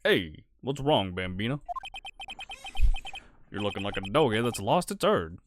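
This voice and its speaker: A streamer voicing a sharp-tongued, sarcastic woman from a game, reading her lines in a teasing, mocking tone. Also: medium pitch, very animated, unhurried, noisy background, pitched below the performer's own voice. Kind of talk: game dialogue read aloud.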